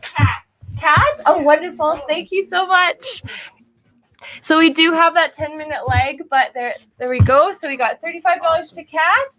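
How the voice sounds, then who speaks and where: High-voiced woman calling an auction. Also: normal speed, fairly bright tone, slight background noise. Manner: bubbly, apologetic, laughs often. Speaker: auctioneer and event host. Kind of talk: live art auction calling. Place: live art event before an audience.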